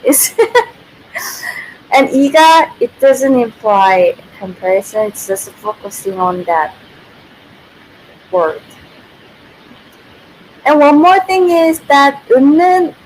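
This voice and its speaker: A woman's voice: fairly high pitch, slight background noise, low-quality recording. A woman, a native Korean speaker, giving a casual livestream language lesson who thinks aloud, corrects herself and laughs often.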